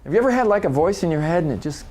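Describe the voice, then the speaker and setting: A man's voice: a little high, expressive, rapid-fire, noisy background. A middle-aged man speaking live to an audience at a workshop. He talks in a conversational way, laughs often and restarts his sentences.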